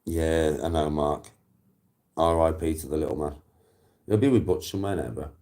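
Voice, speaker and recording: A man's voice: rumbling low, normal speed, dark tone. A man chatting casually to viewers, swearing often and telling rambling stories.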